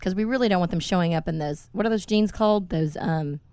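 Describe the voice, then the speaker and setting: A woman's voice: fairly low pitch, quick pace, smooth, no room sound. Blunt, swearing woman podcast host. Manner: animated, blunt storytelling with swearing. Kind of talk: casual podcast chat.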